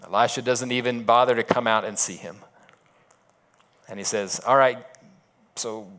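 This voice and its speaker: A man's voice: mid-range voice, fairly even intonation, normal speed, fairly bright tone. A man preaching a sermon as a pastor, retelling a story in a casual, conversational way with asides.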